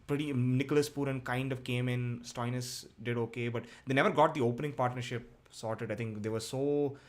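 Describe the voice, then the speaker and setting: A man's voice: medium pitch, fairly even intonation, a little fast. A man co-hosting a cricket podcast, talking casually with lots of fillers and restarts. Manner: hesitant, many fillers and restarts.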